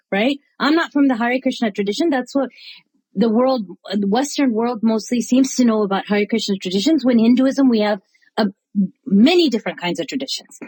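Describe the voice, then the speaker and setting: A woman guest in an interview, telling stories in a lively, animated way with frequent laughter and acted-out dialogue, with an American accent. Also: fairly high pitch, slightly rough, no echo, low-quality recording. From United States. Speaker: interview guest, artist and chaplain. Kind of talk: animated storytelling in conversation.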